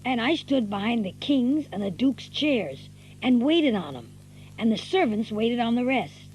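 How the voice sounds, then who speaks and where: A woman's voice: a little high, very animated, measured pace, a little mellow, a little hiss or hum, rough recording. A woman voicing a scrappy teenage country boy with a rural Southern US dialect, narrating and acting in a radio play. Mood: wry. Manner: folksy, drawling storyteller.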